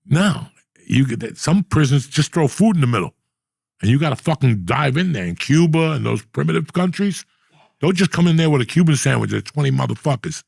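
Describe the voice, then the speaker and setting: A man's voice: on the high side, animated, a little fast, a little mellow, no echo, clean studio sound. A middle-aged man hosting a casual chat, telling blunt, profane stories in a rambling way. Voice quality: gravelly, husky. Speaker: podcast host.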